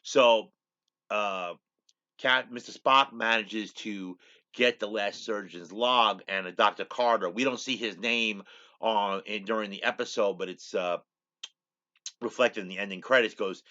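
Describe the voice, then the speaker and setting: A man's voice: lowish voice, a little slow, sharp tone, lo-fi sound. A man hosting his own show, casually retelling a TV episode in a rambling way, saying "he goes" over and over. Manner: rambling, repeats "he goes" constantly. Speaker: show host.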